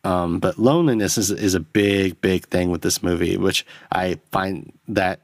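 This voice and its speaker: Deep-voiced man ranting solo. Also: fairly even intonation, measured pace, no room sound, clean studio sound. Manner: rambling, profane, self-deprecating. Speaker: podcast host. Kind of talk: solo film review rant. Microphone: close podcast microphone.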